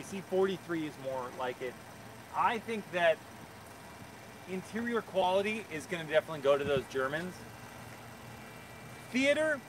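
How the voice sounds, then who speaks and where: A talkative man with a slightly high voice gives frank opinions on a live stream. He is outdoors beside a car, a little distant from the phone mic, with clear background noise around him. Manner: opinionated, chatty, with fillers. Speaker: car reviewer hosting a live Q&A. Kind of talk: casual live-stream chat. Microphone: phone camera.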